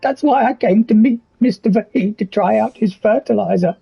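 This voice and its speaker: A man voicing an aged, frail male village elder in a squeaky, quavering voice. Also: moderate pace, vocal fry, husky, highs cut off, soft background music, exaggerated voice. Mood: hopeful, worried. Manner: quavering, wheezy old-man voice.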